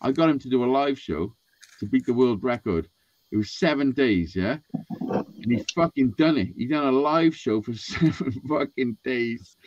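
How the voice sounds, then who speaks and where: This dry, dull, lo-fi recording captures a man at medium pitch and normal speed telling a sweary, rambling story on a casual podcast. He is animated and acts out the things people said.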